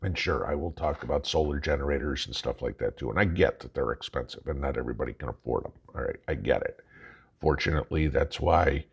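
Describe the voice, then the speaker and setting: A man's voice: very deep voice, fast talker, vocal fry, husky. An older man from Chicago with a Chicago accent, hosting a prepping channel in a folksy, chatty monologue that keeps checking in with the viewer. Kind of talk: casual talking-head monologue.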